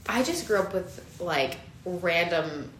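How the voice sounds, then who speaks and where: A woman's voice: on the low side, lively intonation, slow, fairly bright tone, reverberant, a little hiss or hum, rough recording. A young woman co-hosting a casual chat, easygoing and giggly as she tells stories. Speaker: podcast co-host.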